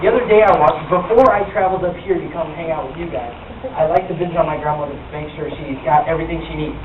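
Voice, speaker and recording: A man's voice: fairly high pitch, fast talker, phone-quality sound, background noise. A man in his twenties doing a profane stand-up set in a comedy club and bantering with the crowd, recorded from the audience. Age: 20s. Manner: brash, profane, chatty with the crowd. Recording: distant echoey club, loud ambience.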